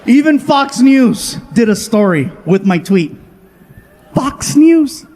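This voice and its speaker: Animated stand-up comedian, high voice. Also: male voice. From Southern California. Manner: animated, acts out family and friends in quick voice switches. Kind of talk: stand-up storytelling. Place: comedy stage before a live audience.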